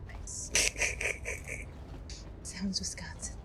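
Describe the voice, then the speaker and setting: A bubbly woman in her thirties streams a video game and chats with her viewers, full of fillers and quick laughs. Her voice sits mid-range, and game music plays clearly underneath. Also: medium pitch, expressive. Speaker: Twitch streamer. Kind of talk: casual chat while playing a video game.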